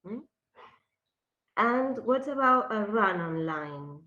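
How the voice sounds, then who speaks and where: Slow, bright-voiced woman teacher. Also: mid-range voice, expressive, dull audio. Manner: slow and questioning, switches to Spanish. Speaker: literature teacher. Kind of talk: classroom lecture.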